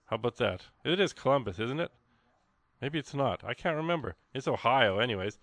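A man hosting a radio fund drive show, chatty and rambling, with excited exclamations and lots of fillers. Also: mid-range voice, brisk, no echo. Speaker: radio host. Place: radio studio.

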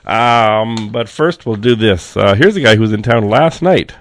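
Gravelly-voiced radio host with a cough. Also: male voice, lowish voice, unhurried. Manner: rambling, dry joking. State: sick, coughing. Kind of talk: casual radio chat between songs.

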